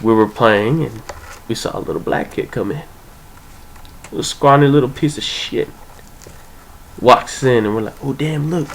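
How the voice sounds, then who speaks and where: A man's voice: a little slow, vocal fry, long pauses, slight background noise, rough recording. A young man telling a casual, profane personal story, acting out what people said with big jumps in his voice. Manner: animated, profane, acts out quoted voices with big pitch jumps.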